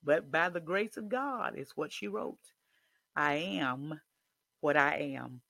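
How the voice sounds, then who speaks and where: A man preaching a sermon, building from quiet reflection to shouted declarations. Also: fairly high pitch, slow, gravelly, dry recording.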